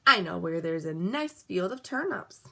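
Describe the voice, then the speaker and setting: Woman doing a sly booming wolf. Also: very animated, gravelly, pushed and bright, full character voice. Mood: coaxing. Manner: slow, drawn-out, booming threats. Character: sly hungry male wolf, scheming. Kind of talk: storybook read-aloud.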